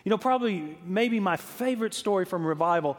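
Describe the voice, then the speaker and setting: A man with a fairly high voice delivers a sermon from the pulpit, pressing each point with emphasis and circling back on his words as he tells stories. His voice rings out with a long reverb, as in a large church sanctuary. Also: lively intonation, fairly quick. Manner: emphatic storytelling with repeated words. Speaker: preacher.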